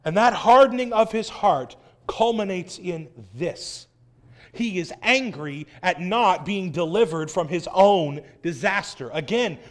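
A man preaching a sermon in an animated, wry way, acting out voices as he quotes. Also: high voice.

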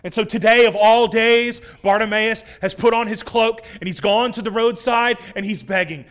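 Male preacher with a high voice, dramatic sermon reading. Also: steady tone, moderate pace, few pauses, clean tone. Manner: dramatic scripture reading, swelling loud then dropping soft. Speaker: pastor.

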